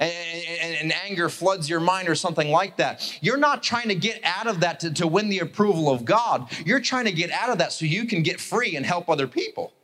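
Animated preacher man, fairly high voice. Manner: animated storytelling, acts out characters. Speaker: pastor. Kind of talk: sermon.

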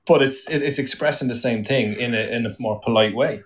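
Excitable swearing Irish man. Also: mid-range voice, brisk, recorded from a distance. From Ireland. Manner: swears freely, laughs often, gets loud and excited. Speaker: guest. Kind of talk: casual podcast chat.

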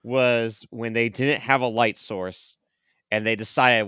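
A man's voice: mid-range voice, steady tone, slow, sharp tone, clear, resonant tone, no echo, studio quality. A man co-hosting a podcast, complaining in a frustrated, swearing casual chat. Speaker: podcast co-host. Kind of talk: casual movie review chat.

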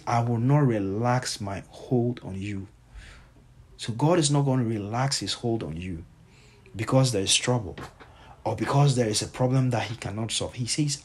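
A man's voice: mid-range voice, husky. A male pastor preaching a sermon, repeating his points with emphasis and reading scripture aloud.

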